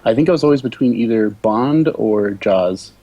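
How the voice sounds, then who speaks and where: Man, guest on a call, low voice, husky, short laid-back replies. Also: lively intonation, moderate pace, dark tone, dry recording, muffled recording. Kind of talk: casual chat on a call.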